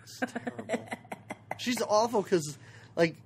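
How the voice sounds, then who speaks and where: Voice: mid-range voice, slow pace, slight background noise. A podcast co-host chatting casually about a movie, retelling scenes with laughter. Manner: animated, laughing, playful retelling. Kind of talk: casual movie review chat.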